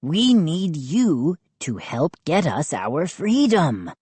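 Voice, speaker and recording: A woman voicing a small, pleading male lawn gnome with a raspy voice, speaking slowly and earnestly. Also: sits low, sing-song, dark tone, no echo, exaggerated voice.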